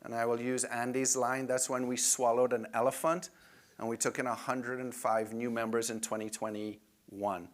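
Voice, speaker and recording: A man's voice: mid-range voice, level tone, moderate pace. Man presenting club finances conversationally. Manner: conversational, frequent "if you will".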